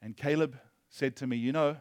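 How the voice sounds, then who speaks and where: A male pastor preaching a sermon, impassioned, moving between loud emphasis and hushed storytelling. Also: mid-range voice, steady tone, normal speed, dry recording, studio quality.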